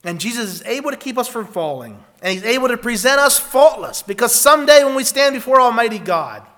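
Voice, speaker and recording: A man preaching a sermon in an earnest way, reading scripture aloud and moving between loud emphatic stretches and quiet ones. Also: extremely high pitch, lively intonation, a little fast.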